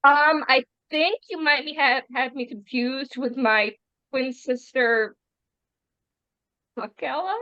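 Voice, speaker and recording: A woman's voice: high-pitched, takes it slowly. Sly woman prisoner, coy, fake innocent, muffled lo-fi sound, played by a woman. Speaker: guest player. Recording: dull lo-fi mic.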